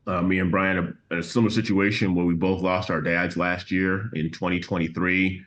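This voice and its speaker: A man's voice: low voice, little pitch movement, fairly bright tone. Earnest middle-aged man, muffled lo-fi sound. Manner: earnest and measured, with dry sarcasm. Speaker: co-host of a music reaction channel. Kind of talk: casual chat reading viewer comments. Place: home, remote from co-host.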